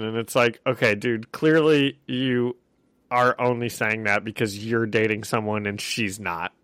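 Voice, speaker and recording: A man's voice: mid-range voice, fairly even intonation, moderate pace, a bit bright, clean tone, no room sound. Rambling man chatting, full of fillers. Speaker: podcast co-host. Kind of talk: casual chat.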